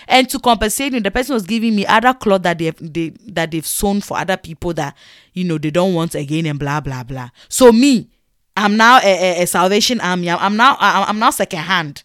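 A woman's voice: mid-range voice, a little fast, no echo, studio quality. A young woman with a Nigerian accent telling a story in a casual vlog and acting out the dialogue with lots of animation. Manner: animated, acts out quoted dialogue. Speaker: vlogger.

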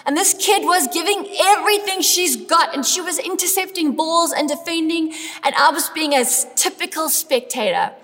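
A middle-aged woman preaching a lively sermon in a church, building up to emphatic calls to her congregation. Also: extremely high pitch, normal speed. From South Africa. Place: church hall. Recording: long hall reverb.

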